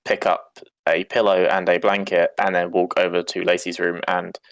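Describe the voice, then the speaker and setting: A man's voice: low-pitched, flat delivery, normal speed, creaky, noisy background. A man playing a tabletop game, chatty and hesitant, often laughing. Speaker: player. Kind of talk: casual tabletop play.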